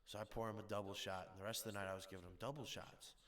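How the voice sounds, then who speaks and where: A young man spinning a party story on a casual podcast, animated and acting out each quote with a laugh close behind. His voice sits on the low side but rings bright and forceful. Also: rapid-fire. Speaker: podcast guest. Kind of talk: casual chat.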